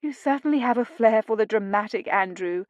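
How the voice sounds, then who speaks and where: A spirited young noblewoman, tart and quick to tease, her voice lifted higher and livelier as a woman narrator puts her on. The reading is close and dry, with no room around it. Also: expressive, dry recording, lo-fi sound, lightly acted. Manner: brisk, tart and teasing. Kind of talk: audiobook dialogue reading.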